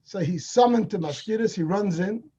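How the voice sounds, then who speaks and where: High-voiced man telling a story. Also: moderate pace, husky, lo-fi sound. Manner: animated storyteller acting out dialogue. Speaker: speaker at a Hasidic gathering. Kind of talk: storytelling talk. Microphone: video call.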